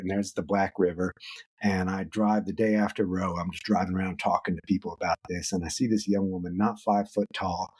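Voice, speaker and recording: A middle-aged man speaks as a guest author in a podcast interview. His voice sits low and has a husky grain. He talks in an animated way. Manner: animated, acts out quoted voices.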